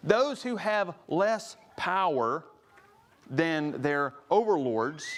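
A man preaching a sermon, earnest, rising to stress each scripture he quotes. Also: high voice. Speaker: pastor.

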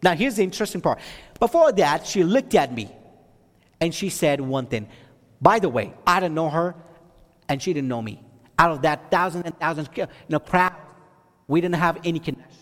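A man's voice: on the high side, lively intonation, moderate pace, pauses often, a bit bright, big-room sound. A man from Texas telling a testimony as a sermon, with many restarts and fillers, rising to emphatic preaching.

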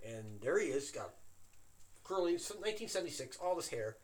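A man in casual chat, excitedly telling an anecdote with plenty of swearing. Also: on the high side, a little fast. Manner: animated, excitable storyteller who swears.

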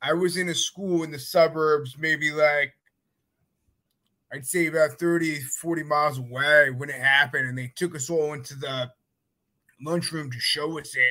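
Guy rambling through funny stories, lots of likes and ums, kinda high bright voice. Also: fairly even intonation, normal speed, poor audio. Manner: loose, rambling storytelling with many fillers. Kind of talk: casual podcast chat.

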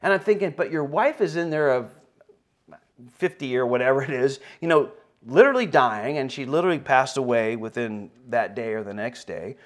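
A man preaching and telling a story from his own life, with a plain, mid-pitched voice. He halts and repeats words as he goes, and his voice rises at the emotional points. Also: expressive, moderate pace. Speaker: pastor. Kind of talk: sermon storytelling.

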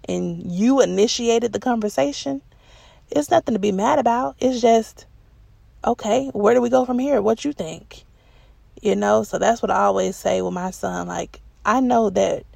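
A woman hosting a casual podcast monologue, her voice gravelly with a lot of vocal fry. She talks straight to her listeners in a chatty, animated way and slips into quoted replies. The sound is dry and close. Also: mid-range voice, dry recording. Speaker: podcast host.

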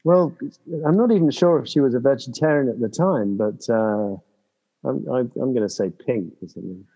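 Man, podcast co-host, easygoing hesitant guesses, mellow tone, dull lo-fi audio with long reverb. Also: medium pitch, moderate pace, slightly rough. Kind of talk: casual podcast chat.

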